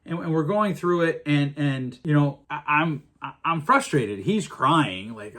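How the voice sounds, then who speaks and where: A man's voice: fairly high pitch, lively intonation, measured pace, few pauses, fairly bright tone. A middle-aged man hosting a podcast, talking earnestly in a casual monologue with frequent restarts. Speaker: podcast host.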